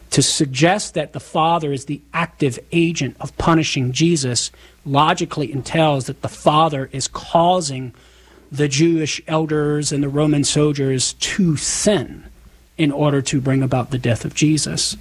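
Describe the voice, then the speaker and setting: A man's voice: fairly high pitch, slightly rough. A man with a Southern US accent, a radio guest methodically explaining theology. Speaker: apologist guest.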